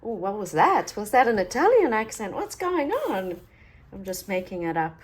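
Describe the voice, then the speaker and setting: A woman's voice: medium pitch, sing-song, brisk, slightly rough. A woman chatting casually through a craft tutorial, talkative and playfully sarcastic.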